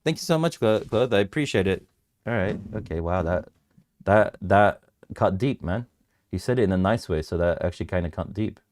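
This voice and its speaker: A man's voice: low-pitched, normal speed, darkish tone, dry recording. A man hosting a casual crypto livestream, bantering with his viewers, laughing often and restarting his sentences.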